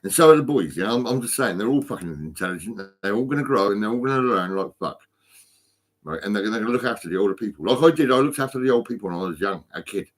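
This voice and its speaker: A stoned man talks into his phone in a fairly low voice. He rambles, restarts and stumbles over his words, swearing in nearly every sentence. It is a loose, unscripted vlog. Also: lively intonation, fast. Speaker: vlogger.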